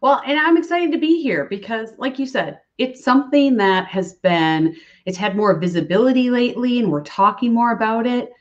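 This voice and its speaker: A woman's voice: a little high, animated, moderate pace, muffled recording. A woman from Minnesota, a guest in a casual live-stream chat, cheerful and friendly. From Minnesota, USA. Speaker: guest, food safety coach.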